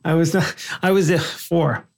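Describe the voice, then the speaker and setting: A man co-hosts a casual podcast in a slightly high, gravelly voice full of vocal fry. He talks haltingly, searching for words and trailing off. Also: fairly even intonation. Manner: halting, loses his words. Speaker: podcast co-host.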